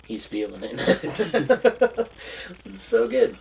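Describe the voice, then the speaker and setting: A podcast co-host chatting casually about a movie, laughing often and retelling scenes in an animated way. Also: medium pitch, slow, vocal fry. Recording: distant mic with faint background noise.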